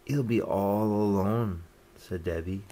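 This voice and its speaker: A man reading a children's picture book aloud, gently lifting his voice for each character's lines. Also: on the low side, takes it slowly. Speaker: storyteller.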